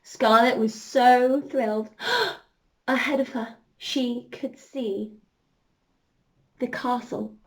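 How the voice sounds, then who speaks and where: A woman telling an interactive story to children, full of excited gasps and questions aimed straight at the young listeners. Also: a little high. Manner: animated, gasping, addresses children directly.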